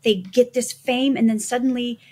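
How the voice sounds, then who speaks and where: A woman's voice: on the high side, fairly even intonation, normal speed, darkish tone. A middle-aged woman, an actress, speaking earnestly as a guest in a conversational interview. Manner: earnest, faith-focused storytelling.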